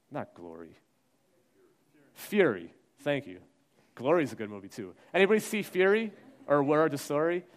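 Man preaching, swinging soft to loud. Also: medium pitch. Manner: dramatic, acts out quoted voices, shifts from soft to loud. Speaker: pastor. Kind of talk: sermon.

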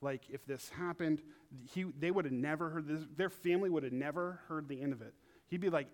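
A young man preaching in a casual, animated way, acting out quotes in funny high voices. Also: a little fast. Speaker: pastor. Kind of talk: casual sermon.

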